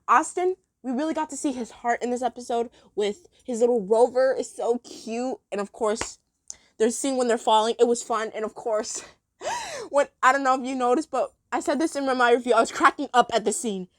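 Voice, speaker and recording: A woman's voice: fairly high pitch, normal speed, no echo, studio quality. A woman chatting casually as she ranks cartoon episodes, gushing and giggly. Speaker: episode ranking vlogger. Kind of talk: casual chat.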